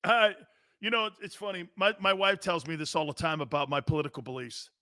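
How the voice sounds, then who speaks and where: Excitable talk-show man, bright and dry. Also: on the high side, fairly quick, no room sound. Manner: loud, excitable, storytelling with bursts of shouting and laughter. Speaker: sports talk show host. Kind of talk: casual rambling sports talk.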